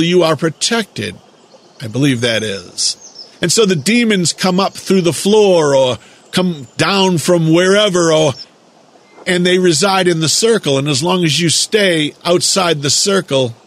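A man delivering a slow, deliberate lecturing monologue, drawing out words for emphasis. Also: a little high, fairly bright tone. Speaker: speaker giving a monologue lecture.

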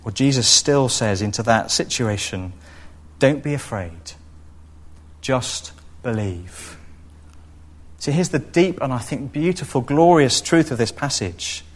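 Male preacher, expressive sermon delivery, middle-range voice. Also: mid-range voice, normal speed, few pauses. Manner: expressive, acts out quoted voices.

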